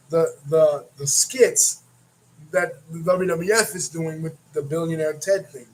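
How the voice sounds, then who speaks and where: Man, casual recap commentary, slightly high voice, rambling, faint noise behind. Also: rough recording. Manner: rambling, repeats and restarts words. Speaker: wrestling reaction host.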